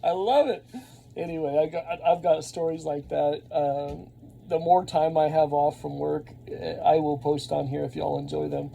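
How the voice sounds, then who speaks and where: A man, telling a rambling story to camera and getting louder when he acts out scenes. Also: a little high, normal speed, creaky, a little hiss or hum. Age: 30s. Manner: rambling, animated, laughs often, shouts when reenacting. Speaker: vlogger and Army veteran.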